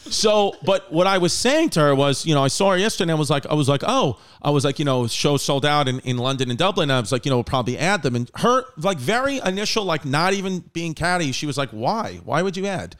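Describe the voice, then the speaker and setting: A man's voice: fairly high pitch, lively intonation, fast, few pauses, fairly bright tone, clear, resonant tone. A man in his thirties hosting a podcast, chatting loosely with lots of swearing and laughter. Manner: loose, profane, laughing storyteller. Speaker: podcast host. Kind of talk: casual podcast chat.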